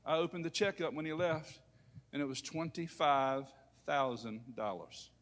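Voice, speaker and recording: A man preaching a sermon, swinging between loud preaching and quiet storytelling. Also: on the high side, measured pace. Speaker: pastor. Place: church sanctuary. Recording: long reverb of a large hall.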